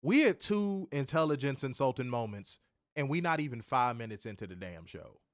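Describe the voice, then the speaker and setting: A man's voice: medium pitch, animated, normal speed, dry recording, studio quality. A man reviewing a wrestling show in casual chat, ranting animatedly and swearing often.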